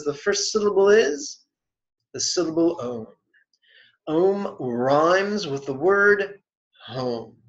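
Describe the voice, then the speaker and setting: A man teaching meditation in an online lesson, speaking deliberately and dropping in playful, wry asides. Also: on the high side. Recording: dull lo-fi webinar audio.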